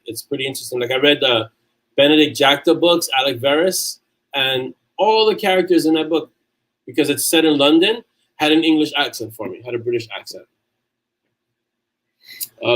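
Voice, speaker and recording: A man's voice: a little high, moderate pace, fairly bright tone, rough recording. A man from New York, an author hosting a casual livestream. He chats loosely with viewers, reads out their comments and often restarts his sentences. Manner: chatty and loose, frequent restarts.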